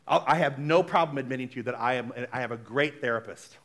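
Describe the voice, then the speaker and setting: A male minister giving a conversational sermon, animated and chatty, often checking in with the congregation. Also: mid-range voice, fast. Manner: chatty, frequently asks the congregation "right?"; animated, shifts between loud exclamations and soft asides.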